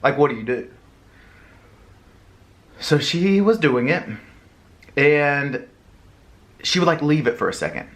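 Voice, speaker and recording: A man's voice: a little high, expressive, slow pace, pauses often, fairly bright tone. A young man with a Southern US accent telling a story in a casual, rambling way, with lots of fillers and restarts. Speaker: mukbang vlogger.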